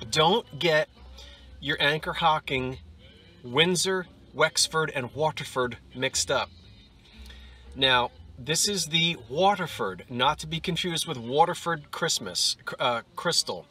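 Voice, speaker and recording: A middle-aged man vlogging his thrift hunting, chatty and quick to exclaim over each find. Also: on the high side, slightly rough, faint music behind. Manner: excitable, exclaims over finds, chatty asides. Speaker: antiques and vintage reseller. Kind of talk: casual thrifting vlog. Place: in a car and a thrift store.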